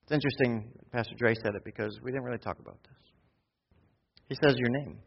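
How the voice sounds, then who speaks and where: A man with a husky voice preaches to his congregation, rising to quick, urgent bursts and then dropping into slow, hushed intimacy. The sound is dull and lo-fi, with a long reverb from a large church hall. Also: mid-range voice. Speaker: pastor. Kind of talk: sermon.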